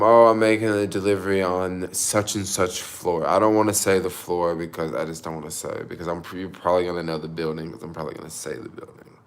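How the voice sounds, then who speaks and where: A young man vlogging, emotional and close to tears, telling a rambling story full of fillers and restarts about his delivery shift. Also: sits low. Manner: rambling, self-conscious, lots of fillers. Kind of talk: casual storytelling vlog.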